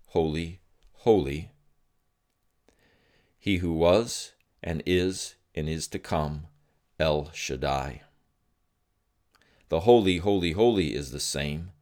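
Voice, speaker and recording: A man with a very low, deep voice gives devotional teaching in an unhurried, earnest way. He pauses to reflect as he tells a personal story. He sounds middle-aged. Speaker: Christian teacher.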